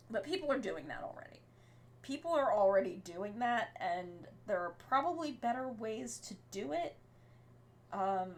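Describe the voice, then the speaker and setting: A woman's voice: mid-range voice, slight background noise. A sleepy woman streaming and chatting casually, rambling with many fillers. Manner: baby talk to her cat. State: sleepy, yawning.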